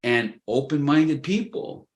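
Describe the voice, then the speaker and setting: A man's voice: on the high side, expressive, slow. A man in his fifties talking on a video call, enthusiastic and folksy and calling his listeners "folks.". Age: 50s. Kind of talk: casual chat.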